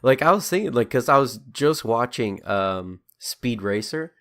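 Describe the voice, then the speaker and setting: A man's voice: mid-range voice, expressive, measured pace, a bit bright. A man co-hosting a podcast, chatting in an easygoing way and chuckling often. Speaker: podcast co-host. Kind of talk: casual chat.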